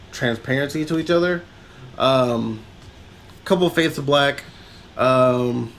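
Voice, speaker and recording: A man's voice: fairly high pitch, gravelly, a bit bright, a little hiss or hum. A man co-hosting a podcast, rambling through a film recap in casual chat and laughing often. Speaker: podcast co-host.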